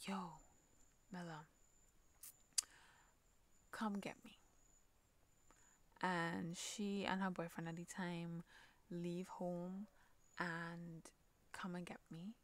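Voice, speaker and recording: A woman with a Trinidadian accent hosting a podcast, telling a personal story in a halting way, repeating words, swearing and sometimes dropping almost to a whisper. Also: on the low side. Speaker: podcast host.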